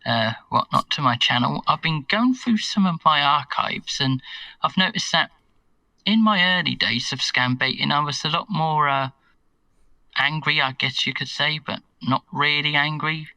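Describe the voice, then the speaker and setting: A man's voice: a little high, normal speed, sharp tone, dry recording, far from the mic, low-quality recording. A man with an English accent, a guest in a casual online chat, hesitant and wordy. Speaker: guest scambaiter. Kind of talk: casual video-call chat.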